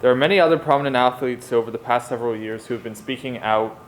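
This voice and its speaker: A man's voice: medium pitch, quick pace, slight background noise, rough recording. Male student announcing at an assembly. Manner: announces segments plainly. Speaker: student presenter. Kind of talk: reading a prepared talk.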